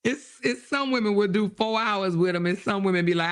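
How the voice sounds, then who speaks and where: A woman's voice: medium pitch, fairly quick, clear, resonant tone. A woman hosting a casual livestream, reading viewer comments aloud and answering them in a blunt, profane way. She laughs often and loses her train of thought. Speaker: livestream host.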